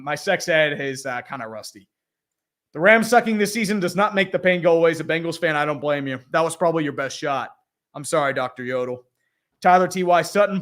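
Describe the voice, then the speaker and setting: A man streaming a live football game, calling plays as a fan, swearing, laughing and reading chat. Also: high voice. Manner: excitable, swears, laughs, shouts at big plays. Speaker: streamer doing live play-by-play.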